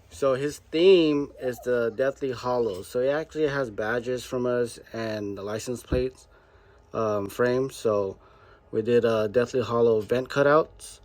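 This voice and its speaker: Man, workshop vlog narration, relaxed how-to explaining, faint background noise. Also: mid-range voice. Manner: relaxed step-by-step explaining with fillers. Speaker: car body shop builder. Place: garage workshop.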